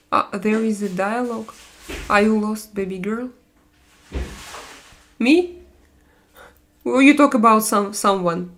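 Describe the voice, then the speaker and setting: Russian-accented woman chatting haltingly on a live stream. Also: medium pitch. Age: 40s. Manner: halting, many fillers and restarts, non-native grammar. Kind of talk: casual live-stream chat reading viewer comments.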